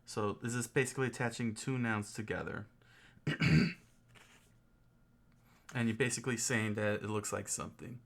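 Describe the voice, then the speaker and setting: A man's voice: fairly low pitch, fairly even intonation, normal speed, gravelly, pauses often, fairly bright tone. A man hosting a casual study stream, thinking aloud as he sounds out phrases and chuckles often. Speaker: host studying Japanese.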